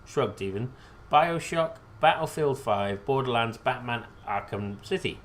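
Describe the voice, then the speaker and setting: A man's voice: medium pitch, unhurried, a bit bright, slight background noise. A British man hosting a casual live quiz stream, rambling and joking at his own expense. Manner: rambling, self-deprecating, joking. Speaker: quiz host.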